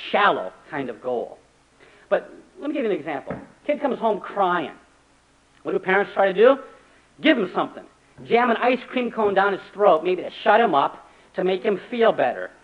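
Man, pastor, sermon, lively swooping pitch, dull lo-fi recording. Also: moderate pace. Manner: animated, acts out quoted voices.

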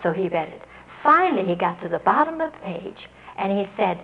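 A woman telling an audience how she taught a student to read. She speaks earnestly and spells out letters and their sounds slowly. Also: medium pitch, sing-song, narrow, tinny audio. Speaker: literacy teacher giving a talk. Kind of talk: storytelling address to an audience.

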